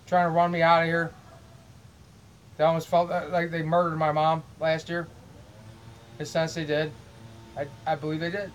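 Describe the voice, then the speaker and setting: High, flat-voiced aggrieved man. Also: moderate pace, long pauses, highs cut off, slight background noise. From Illinois, US. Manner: repeats words, restarts, aggrieved. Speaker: vlogger. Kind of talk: rambling monologue to camera. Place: at his home.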